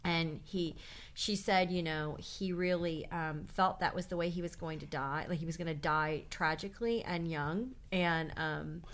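A woman's voice: sits low, fairly even intonation, unhurried. A woman co-hosting a casual chat, talking at length and explaining with plenty of fillers.

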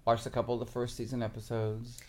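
A man chats as co-host. He tells stories with animated energy and slips into high voices to mimic people. His talk is loose and casual. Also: fast talker. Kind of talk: casual chat.

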